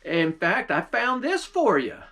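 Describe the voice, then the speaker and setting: A plainspoken young country man in a spoken folk tale, played by a male storyteller. He talks in a folksy drawl, and his voice sits a little high. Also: wildly swooping pitch, unhurried, sharp tone, exaggerated voice. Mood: easygoing.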